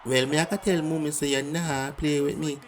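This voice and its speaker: A performer voicing a cheeky, unruly young boy with a Jamaican accent in a cartoon, slow and sly. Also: mid-range voice, steady tone, close to an everyday voice.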